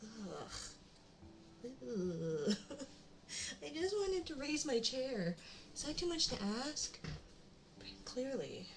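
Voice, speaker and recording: Young woman, live-stream host, rambling, self-mocking, talking to herself at home desk, clear background noise. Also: sits high, very animated, extremely slow, pauses often. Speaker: livestream host. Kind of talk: casual live-stream chat while setting up. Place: home room at her desk.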